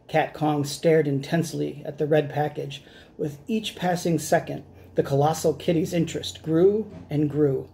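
A man, a teacher, reading a storybook aloud to children with expressive, dramatic delivery. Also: on the high side, moderate pace, vocal fry.

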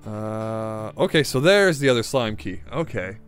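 A man giving casual, self-mocking commentary while playing a video game, reacting excitedly to each new find. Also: fairly low pitch, unhurried, clear, resonant tone, faint music behind. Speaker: gaming video host.

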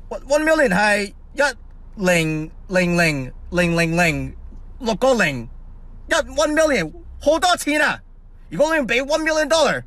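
A bumbling robber making loud demands in a high, swooping voice, as a sketch comic puts him on. The sound is dry and close. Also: male voice, no room sound, rough recording. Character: bumbling male robber taking hostages.

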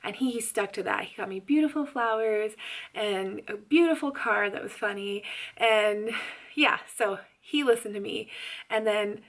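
A young woman telling a story to her vlog camera in a chatty, animated way, laughing often and saying "like" a lot. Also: medium pitch, a little slow. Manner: animated and loud. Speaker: pregnancy vlogger.

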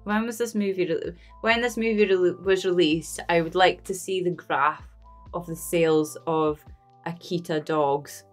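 A woman's voice: on the low side, steady tone, measured pace, soft background music. A Scottish woman chatting casually and emotionally as a movie reaction vlogger, rambling and laughing often.

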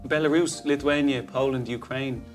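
A man's voice: mid-range voice, steady tone, normal speed, soft background music. A young Irish man talking casually to the camera with an Irish accent. He slips in playful jokes and asides, his voice sitting in an ordinary middle register. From Ireland. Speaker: contributor taking a test.

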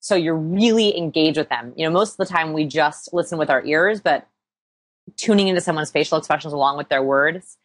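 A people-skills researcher speaks briskly in a low voice as a guest in a conversational interview, captured on a dry recording. Her explanations are upbeat and laced with self-deprecating humor.

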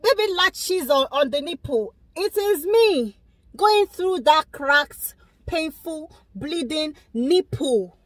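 A young woman giving animated, emphatic commentary on a video, speaking straight to her viewers. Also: high voice, slow pace, no echo. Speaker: vlogger reacting to a video. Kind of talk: casual opinionated commentary.

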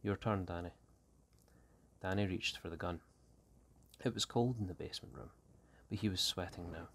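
A man, an English teacher, reading a short story aloud in a steady, unhurried way. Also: low voice, a little hiss or hum.

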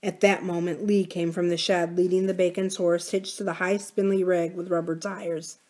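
A woman hosting a library reading series, reading a novel aloud in a steady, measured way. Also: lowish voice. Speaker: library book-reading host.

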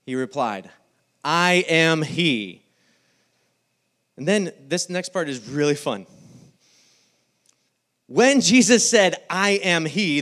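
A male pastor preaching a sermon, telling the story with lively quoted voices. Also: sits high. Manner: animated storytelling, acting out the scene in quoted voices.

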